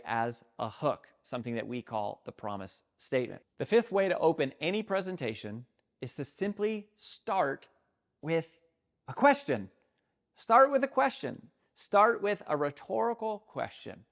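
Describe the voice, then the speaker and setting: A middle-aged man, a speaking coach, giving an energetic, emphatic talk to camera on how to open a speech. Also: a little high, moderate pace. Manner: energetic, emphatic, acts out sample openings.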